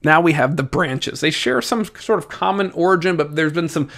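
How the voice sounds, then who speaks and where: A man with a Southern US accent teaches an exam review in a lively, jokey way. His voice sits a little high for a man, and he talks right to his students. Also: moderate pace.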